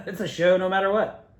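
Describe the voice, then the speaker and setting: A man's voice: high voice, roomy sound. A man telling loose, digressive personal stories, swearing and laughing at himself as he goes. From Altoona area, Pennsylvania. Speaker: storyteller. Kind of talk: rambling personal storytelling.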